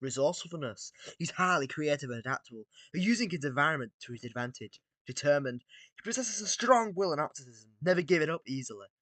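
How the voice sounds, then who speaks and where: A man's voice: on the high side, lively intonation, fast, fairly bright tone, dry recording. A man reading AI-written battle text aloud, casually reacting, swearing and joking between lines. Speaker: video creator.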